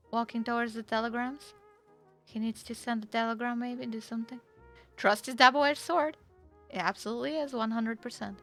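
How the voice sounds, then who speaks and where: High-pitched excitable woman streaming a roleplay game. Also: vocal fry. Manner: chatty, excitable, swears freely, laughs often. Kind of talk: casual stream chat and in-character roleplay.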